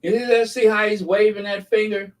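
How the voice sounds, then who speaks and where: A man's voice: sits high, level tone, brisk, distant mic, poor audio. A man hosting a casual gossip commentary, rambling and mocking, who often laughs at his own jokes. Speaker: channel host.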